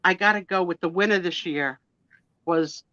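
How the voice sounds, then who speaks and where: A woman with a New Jersey accent telling stories on a casual live stream, animated and self-mocking. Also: lowish voice, normal speed, no echo, muffled recording. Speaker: co-host of a live sale stream. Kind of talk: casual storytelling chat.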